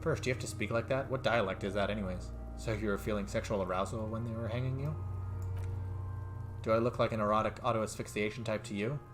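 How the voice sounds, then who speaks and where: Low voiced guy streaming a game, reads the dialogue out loud, voice jumps up when he gets hyped, faint music behind. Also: fairly even intonation, fast. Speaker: let's play streamer. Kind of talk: reading game text aloud and commenting.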